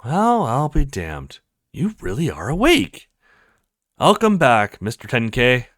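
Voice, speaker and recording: A man doing middle-aged doctor, calm and measured, dry sound. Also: medium pitch, dry recording, full character voice. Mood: surprised.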